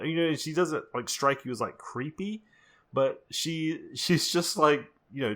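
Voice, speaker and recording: A man co-hosting a podcast, chatting casually about films. He rambles with excitement, circling back with "like" and "uh" as he goes. His voice sits in an ordinary middle range. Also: mid-range voice. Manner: enthusiastic, rambling, lots of fillers. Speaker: podcast co-host. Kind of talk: casual chat.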